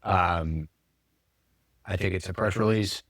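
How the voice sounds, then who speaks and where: A man's voice: low voice, slow, fairly bright tone, no room sound, clean studio sound. A man hosting a casual podcast chat, rambling and correcting himself with joking asides. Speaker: podcast host.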